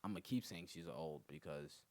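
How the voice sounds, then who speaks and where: A man hosting his own comedy podcast alone, rambling through profane, animated stories. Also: moderate pace, dry recording. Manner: profane, animated storytelling that jumps in pitch. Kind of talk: rambling solo comedy monologue.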